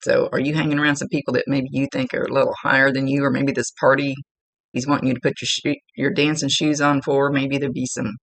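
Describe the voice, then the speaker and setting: A woman's voice: rumbling low, level tone, quick pace, vocal fry, no echo. A woman working as a psychic medium, chattily relaying spirit messages in a casual reading and laughing now and then.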